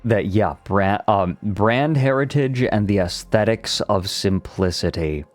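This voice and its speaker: A man's voice: on the low side, lively intonation, a little slow, faint music behind. A man streaming, reading a document aloud and picking apart its grammar in a thoughtful, laughing way. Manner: thoughtful, nitpicky, laughing along. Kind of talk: casual analytical stream chat.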